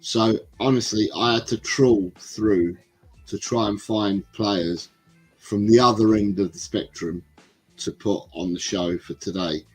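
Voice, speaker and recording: A man's voice: lowish voice, fairly even intonation, unhurried, husky, faint music behind, rough recording. A man hosting a casual football livestream, reading chat comments aloud and rambling between them. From England. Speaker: livestream host.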